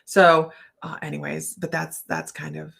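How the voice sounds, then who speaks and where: Woman host, chatty and rambling, quick to laugh, casual stream talk. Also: low-pitched, flat delivery, gravelly, a bit bright. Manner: rambling storyteller, laughs often. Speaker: psychic and certified hypnotist. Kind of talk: casual livestream chat.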